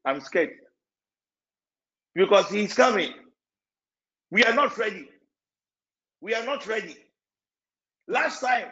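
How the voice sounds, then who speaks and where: High gravelly preacher, swings wildly in pitch, bursts into shouts, dull lo-fi recording. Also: male voice, animated, a little slow, long pauses. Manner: emotional, repetitive preaching with sudden shouts. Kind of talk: sermon.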